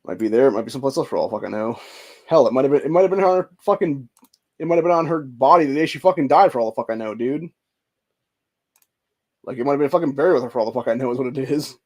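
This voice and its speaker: A man's voice: medium pitch, animated, rapid-fire, darkish tone. A man in his forties venting in a rambling, profane monologue, emotional and stressed out. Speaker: vlogger.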